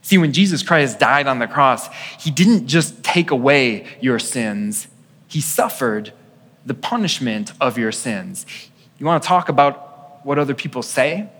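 A man preaching a sermon as a pastor, earnest and swinging between hushed passages and emphatic ones. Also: medium pitch, expressive, a little slow, big-room sound.

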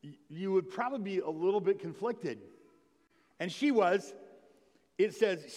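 A man's voice: high voice, expressive, unhurried, long pauses, a little mellow. Man preaching in an echoing hall. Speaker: pastor. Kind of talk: Christmas Eve sermon. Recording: long reverb of a large hall.

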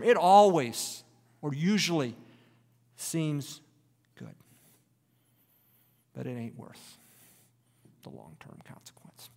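Preaching man in a reverberant hall. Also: fairly high pitch. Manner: expressive preaching, drops to a hushed near-whisper for emphasis. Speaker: pastor. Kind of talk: sermon.

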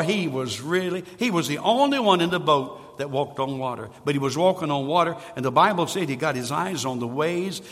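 A male pastor preaching a sermon in a church, swinging from loud emphatic lines to hushed ones. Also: fairly high pitch, big-room sound. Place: church sanctuary.

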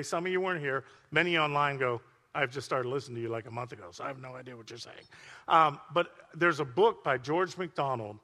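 A man's voice: a little high, sharp tone. An older man preaching a sermon as pastor, telling stories with emphatic, chatty asides to his congregation. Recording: long reverb of a large hall.

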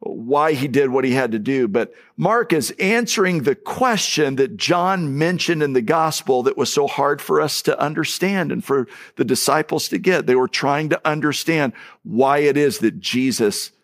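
A man's voice: medium pitch, animated, moderate pace, hardly any pauses. A man preaching a sermon as a pastor, earnest, with fillers and restarts.

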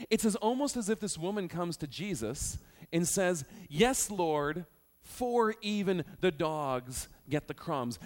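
Pastor guy giving a sermon, voice bouncing all over, jokey and animated. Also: on the high side. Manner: animated, joking, teaching.

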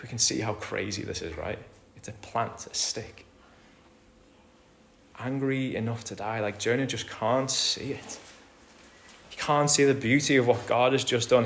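A man preaching a sermon, explaining a passage verse by verse and acting out the quoted lines with big swings in loudness. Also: mid-range voice, vocal fry.

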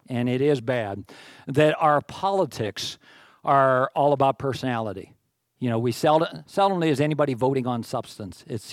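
A male pastor preaches in a casual, conversational way, full of humble asides. His voice climbs and grows louder when he drives a point home. The sound is dry and close, with no room echo. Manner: informal, earnest, with self-deprecating asides; rises in pitch and volume when stressing a point. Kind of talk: conversational sermon.

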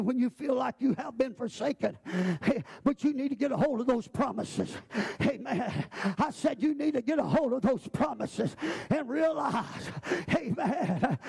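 A male preacher delivering a sermon in a shouting, sing-song cadence. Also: very high-pitched, vocal fry, breathy edge.

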